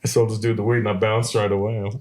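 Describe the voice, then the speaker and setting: A man's voice: fairly low pitch, flat delivery, rapid-fire, darkish tone, echoey room. A man around fifty from Canada hosting a podcast, telling a profane story and acting out the quoted voices. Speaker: podcast host.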